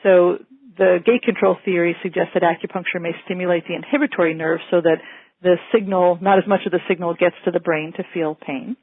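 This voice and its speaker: Female physician, lecture delivery, calm and explanatory; dry, phone-band audio. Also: lowish voice, brisk, dry recording, narrow, tinny audio. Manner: calm, explanatory, gently reassuring. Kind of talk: medical lecture.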